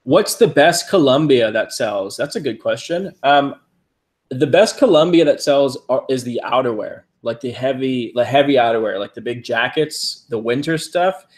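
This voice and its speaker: A man's voice: mid-range voice, lively intonation, normal speed. A man co-hosting a casual livestream, reading and answering viewer questions in an easygoing way. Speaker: co-host of a reselling livestream.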